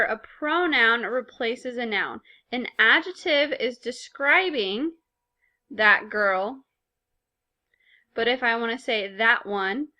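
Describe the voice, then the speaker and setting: A woman's voice: fairly high pitch, sharp tone. A woman teaching a recorded language lesson in a patient, explanatory way, speaking with casual fillers. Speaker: Spanish teacher.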